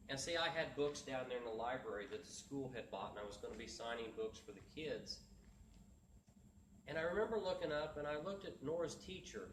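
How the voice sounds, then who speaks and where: A man's voice: mid-range voice, expressive, a little fast, slight background noise. A man giving a motivational talk, telling a story earnestly and acting out the voices of the people in it. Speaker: motivational speaker. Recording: echoey room from far off.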